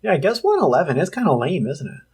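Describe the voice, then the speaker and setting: A man co-hosting a casual podcast, relaxed, chiming in with fun facts and short replies. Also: on the high side, fast, husky. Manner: relaxed, offers fun facts, admits he can't do accents. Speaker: podcast co-host.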